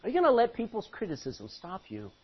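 Male pastor, animated sermon delivery, high and husky voice, lo-fi recording. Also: quick pace. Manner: animated, exhorting, rhetorical questions. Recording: muffled lo-fi recording.

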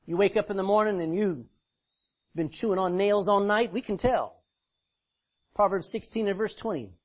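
Middle-aged preacher man, high husky voice, folksy and emphatic, dull lo-fi recording. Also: moderate pace. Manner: emphatic, folksy, swings between loud and quiet. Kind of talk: sermon.

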